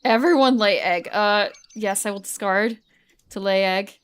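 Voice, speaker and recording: A young woman streaming a board video game, thinking aloud in soft, mumbling casual commentary. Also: medium pitch, measured pace, smooth.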